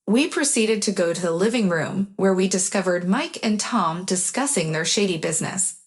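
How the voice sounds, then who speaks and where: A woman narrates a first-person story in a plain, even way. Her voice sits at a medium pitch and keeps a steady storytelling delivery. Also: moderate pace.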